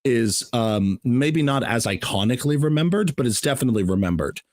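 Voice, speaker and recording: A man's voice: mid-range voice, expressive, fairly quick, a little mellow, no room sound, studio quality. An American man co-hosting a film podcast, talking in a loose, rambling way. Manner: rambling, full of fillers and restarts. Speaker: podcast co-host. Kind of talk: casual chat.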